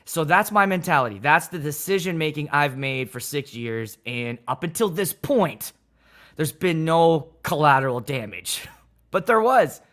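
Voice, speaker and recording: A man's voice: fairly high pitch, animated, a little slow, a bit bright. A man hosting a casual livestream, talking loosely and energetically, greeting viewers and swearing freely. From Pittsburgh area. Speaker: wedding DJ and livestream host.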